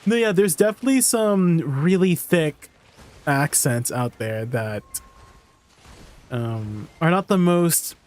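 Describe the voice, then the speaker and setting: Chatty man, fairly high voice. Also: expressive, slow, darkish tone. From Canada. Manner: chatty, answers chat questions, laughs easily. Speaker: streamer. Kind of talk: casual gameplay stream chat.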